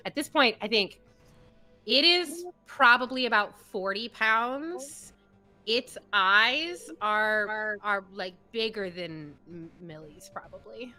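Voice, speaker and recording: Bright, animated woman running the game. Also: medium pitch, takes it slowly, soft background music. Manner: animated, rambling, laughs often. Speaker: game master. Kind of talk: narrating a tabletop game.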